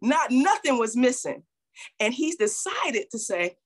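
Very animated yet measured in pace, a woman pastor whose voice sits on the high side delivers a call-and-response sermon. She voices Bible characters in quotes and calls out to the congregation.

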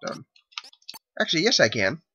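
A man's voice: a little high, sing-song, moderate pace, pushed and bright, a little hiss or hum. A man hosting a let's play, giving casual, rambling commentary and correcting himself as he explains the game. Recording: lo-fi with game music behind.

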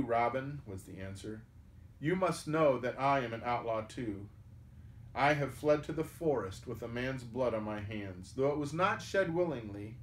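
A man reading an adventure tale aloud at a medium pitch, his voice rising and falling as he moves between narration and characters. The sound is roomy and echoey, as if recorded in a hall. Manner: lively, raises pitch and volume for characters' lines. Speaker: storyteller reading a book aloud. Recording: echoey room.

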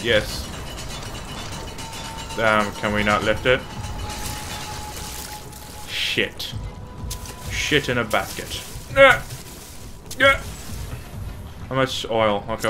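A man's voice: on the low side, expressive, a little slow, long pauses, music in the background. A man giving profane, jumpy let's play commentary on a horror game, scolding the objects in it. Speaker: gamer.

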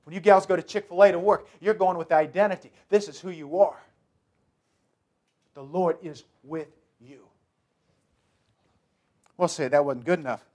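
A man's voice: a little high, normal speed, pauses often, a little mellow. A man pastor preaching a sermon, emphatic and repetitive, speaking directly to the congregation.

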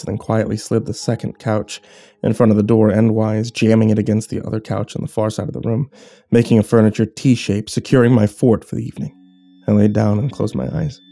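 A man telling a first-person horror story in a measured, hushed and tense way. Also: fairly low pitch, gravelly.

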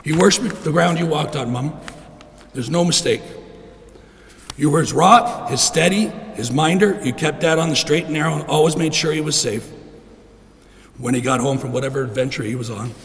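A middle-aged man giving a heartfelt funeral eulogy for his father in a church, clearing his throat often. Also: fairly high pitch, moderate pace. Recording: long reverb in a church.

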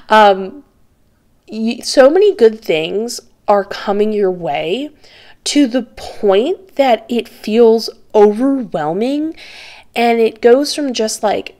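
A woman's voice: a little high, lively intonation, takes it slowly, warm tone. A woman giving a pick-a-card tarot reading, talking straight to the viewer in an earnest, reassuring, chatty way with light laughs. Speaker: tarot reader.

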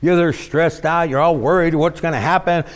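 A man preaching a sermon as a pastor, in an animated, dramatic style with sudden swoops up in pitch. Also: moderate pace, long reverb tail.

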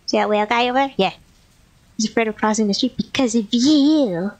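A woman's voice: fairly high pitch, a little fast, no room sound, rough recording. A woman playing a video game and chatting casually, swearing, laughing and reading dialogue choices aloud. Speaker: gameplay streamer. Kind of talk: casual let's play commentary. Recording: game music behind voice.

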